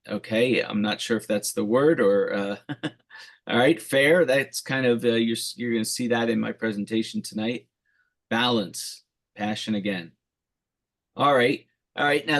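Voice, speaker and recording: A middle-aged man, a referee coach, presenting on a video call in an upbeat, encouraging way and reading chat replies aloud. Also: medium pitch.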